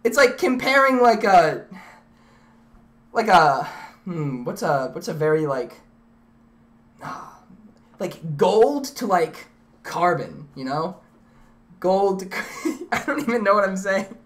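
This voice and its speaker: A young woman streamer telling a story to her live chat in a rambling, excitable way, full of restarts and fillers. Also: medium pitch, slow pace, long pauses.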